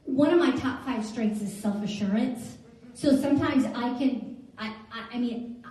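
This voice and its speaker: A woman's voice: a little high, unhurried, dark tone. A middle-aged woman giving a chatty motivational talk to an audience, telling stories and asking the room questions. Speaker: jewelry stylist giving a talk. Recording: echoey hall, speaker far from mic.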